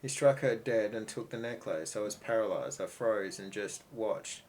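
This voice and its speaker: A man's voice: fairly low pitch, moderate pace, darkish tone, close to an everyday voice, rough recording. A man reading aloud the lines of a grieving, vengeful widow in a video game, in a plain voice. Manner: plain read-aloud delivery of game text. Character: grieving young widow, woman, bitter and vengeful.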